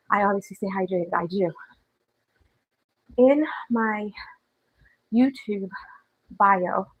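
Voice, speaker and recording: A fitness vlogger livestreams from home on a walking treadmill, casually reading the live chat and responding while a little out of breath. Her voice is medium-pitched and slightly rough, and the audio is poor.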